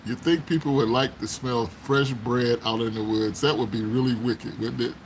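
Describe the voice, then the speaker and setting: A man's voice: medium pitch, steady tone, normal speed, a little hiss or hum, low-quality recording. A man hosting a casual livestream, chatting with viewers, laughing often and exclaiming as he talks. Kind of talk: casual live chat. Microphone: phone.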